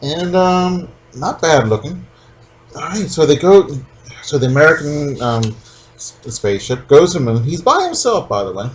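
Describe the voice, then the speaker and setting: A man's voice: a little high, sing-song, normal speed, dull audio, slight background noise. A man co-hosting a podcast in casual chat, summing up the action with wry, joking asides. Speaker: podcast co-host.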